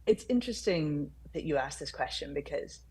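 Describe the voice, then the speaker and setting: A woman's voice: low voice, normal speed, breathy edge. A woman from Ireland with an accent mixing Irish, British and transatlantic sounds, talking candidly as a guest over a video call. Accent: mixed Irish, British and transatlantic. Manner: candid and animated, with fillers and restarts. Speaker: war reporter and author guest. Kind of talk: conversational interview.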